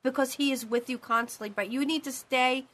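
Female psychic host, bright and sharp tone, rambling and emphatic delivery. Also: high voice, fairly even intonation, a little fast. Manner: rambling, repeats phrases, emphatic. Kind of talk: live call-in reading.

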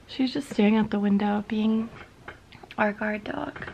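A woman's voice: mid-range voice, steady tone, measured pace, vocal fry, a little mellow, a little hiss or hum, poor audio. A young woman vlogging in a casual, candid way, talking straight to her viewers. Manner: chatty, candid, talks to viewers directly. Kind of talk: casual vlog chat.

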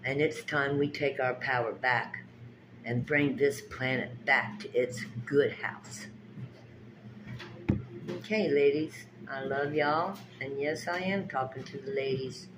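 A woman giving a slow, drawn-out spiritual pep talk and tarot reading. She talks straight to her viewers in an emphatic, preachy, folksy way and repeats her phrases. Steady background noise runs under her voice. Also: rumbling low. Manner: folksy, direct address to viewers.

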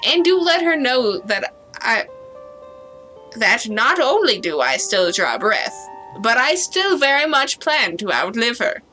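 A prickly older southern lady with a put-on Southern US drawl, dry and theatrical, as a woman streamer voices her. Her voice sits fairly high and swings widely in pitch, with a bright edge. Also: very animated, unhurried, faint music behind, exaggerated voice. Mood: wry.

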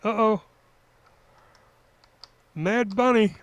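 A man's voice: high-pitched, drawn-out words, no echo. A man in easygoing, jokey casual chat while playing a game with friends. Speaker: fellow player.

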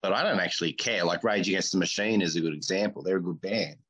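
A man co-hosting a comedy podcast, chatting casually in a blunt, crude, deadpan way. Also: low voice, fast talker, breathy edge. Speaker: podcast co-host.

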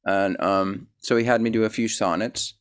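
A man's voice: lowish voice, steady tone, moderate pace, smooth. A man hosting a casual interview, rambling and self-deprecating, full of fillers and restarts. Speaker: host.

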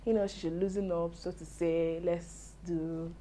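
A young Nigerian woman giving casual, animated commentary on a reality show, with Pidgin asides. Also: on the low side, measured pace, a little hiss or hum.

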